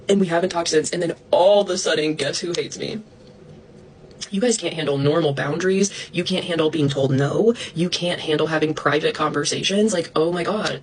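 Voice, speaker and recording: A young woman ranting to her followers about online drama, indignant, fast-talking and swearing, mocking others in a higher voice. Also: a little hiss or hum, low-quality recording.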